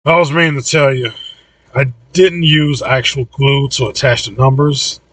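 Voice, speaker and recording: A man's voice: mid-range voice, steady tone, moderate pace, a bit bright, dry recording, far from the mic, lightly acted. A man voicing a cranky, blunt elderly man in his seventies in an audiobook reading.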